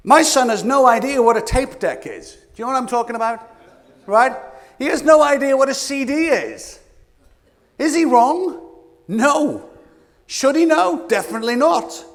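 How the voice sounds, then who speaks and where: A British man delivers a keynote on leadership to a roomful of listeners, his voice sitting high for a man. He talks in an animated way, quizzing the audience and playing out little scenes. A long reverb trails each phrase, as in a large hall. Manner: animated, asks the audience questions, acts out quotes. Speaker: leadership coaching speaker. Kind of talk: keynote talk to a live audience. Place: conference room with an audience.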